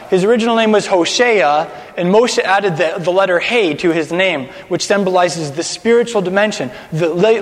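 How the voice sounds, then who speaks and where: A man's voice: high voice, big-room sound. A man teaching a congregation in a chatty sermon, often repeating words and having listeners repeat after him. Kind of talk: conversational sermon.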